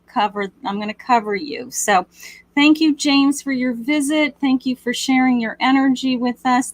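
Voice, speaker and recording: Female live-stream medium host, unhurried and tender, lots of fillers, raised pitch. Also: no echo. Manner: slow, gentle, endearing, with many fillers. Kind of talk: live-stream reading to viewers.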